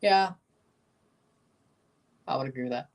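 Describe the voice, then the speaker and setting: Recorded from a distance, this man talks in an unhurried, mid-range voice. Running a live watchalong stream, he chats casually about what he's reacting to, rambling, repeating himself, and chuckling often.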